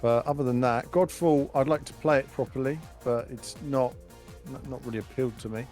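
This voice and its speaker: A man's voice: medium pitch, steady tone, a little fast, darkish tone, faint music behind. A man co-hosting a stream, giving dry, sarcastic reaction commentary. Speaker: stream co-host.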